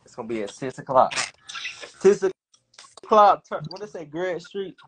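Lively laughing male co-host. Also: a little high, moderate pace, husky, poor audio. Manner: laughs often, loose and joking. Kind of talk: casual chat.

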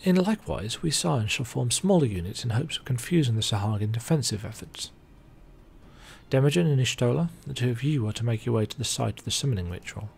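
A man's voice: mid-range voice, animated, fairly quick, creaky, husky. A man reading as a formal young strategist. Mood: earnest. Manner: formal read-out game dialogue.

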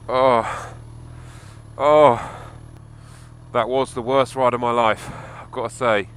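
A man's voice: medium pitch, flat delivery, normal speed, a bit bright, clear, resonant tone, rough recording. A man recording a casual video diary while riding a motorbike through snow, giving a running commentary full of swearing and exasperation. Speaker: motorcycle vlogger.

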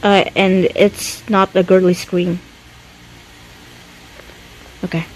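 A gaming YouTuber plays a horror game and narrates it herself, her lowish voice level and slow over a rough recording. Jumpy and scared, hands shaking, she talks to herself and swears a lot.

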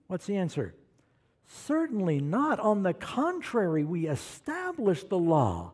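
A man preaching a sermon, animated and questioning the congregation, calling for amens. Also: high-pitched, measured pace. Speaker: pastor.

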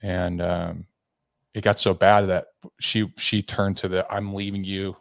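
A man's voice: deep voice, level tone, slow pace, vocal fry, dry recording, clean studio sound. A man from Tennessee, a podcast guest, telling a candid personal story in a rambling way, with fillers and restarts, acting out the lines of the people in it.

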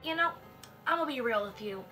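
A young woman delivers a sarcastic, animated comedic review full of mock outrage. Her voice is high and bright. Faint music plays underneath. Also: fast talker. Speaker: book reviewer. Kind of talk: comedic commentary.

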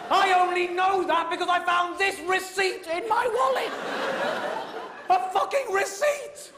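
An English man doing stand-up, telling a story in an exasperated, sweary way that bursts into shouting. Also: very high voice, normal speed, a loud crowd, heavy background noise. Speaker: stand-up comedian. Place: comedy stage before a live audience. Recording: echoey live venue with loud audience. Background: audience laughter.

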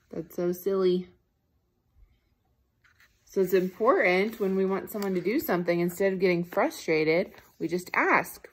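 Husky woman reading to young children. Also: on the low side. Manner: gentle questions to young listeners. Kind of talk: children's read-aloud.

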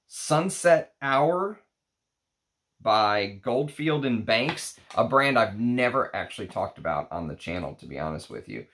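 A man's voice: lowish voice, a bit bright. A man chatting casually as a fragrance reviewer, rambling and thinking aloud as he unpacks samples. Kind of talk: casual unboxing chat.

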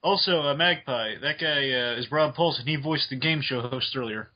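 A man's voice: medium pitch, moderate pace, dull audio. A man chatting casually on a cartoon commentary, peppering his talk with "like" and "uh". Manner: chatty, lots of "like" and "uh".

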